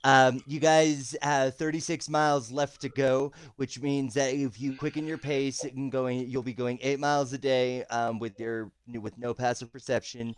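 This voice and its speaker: A man's voice: mid-range voice, level tone, normal speed, hardly any pauses, a little hiss or hum. A man narrating a tabletop game as game master over a voice chat, hesitant with many ums. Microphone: voice chat call.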